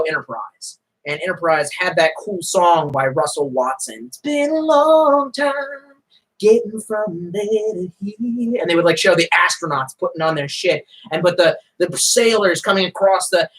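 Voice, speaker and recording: A man's voice: high-pitched, a bit bright, rough recording. A man ranting profanely on a live stream.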